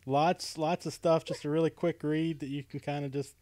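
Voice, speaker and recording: A man's voice: fairly high pitch, little pitch movement, normal speed, a little mellow, dry recording. A man hosting a casual livestream chat, talkative and laughing often, with plenty of ums. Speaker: podcast host. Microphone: webcam stream setup.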